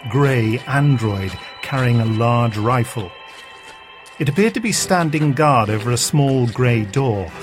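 Male narrator, mid pitch, calm storytelling read.

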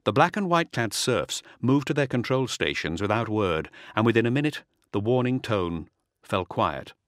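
A man narrates an audiobook from a script, reading steadily and deliberately. His pitch is fairly low, and the clean studio sound carries no room noise.

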